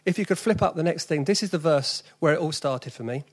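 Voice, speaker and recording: A man's voice: a little high, a little fast. A man in his forties with a South East London accent, preaching an earnest, conversational sermon with sudden emphatic rises.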